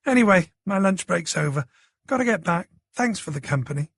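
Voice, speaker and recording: A man's voice: sits high, expressive, brisk, vocal fry, a bit bright, breathy edge, no echo, pitched above the performer's own voice, full character voice. A man reading an audiobook voices a young woman who teases her friend with dry humour. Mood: wry. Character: friendly teasing young woman, dog walker.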